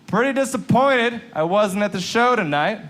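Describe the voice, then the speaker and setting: A man performing a stand-up comedy set on a club stage, telling a story with lively swings in pitch for the excited parts. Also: normal speed. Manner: animated storytelling, jumps up high in pitch for excited bits.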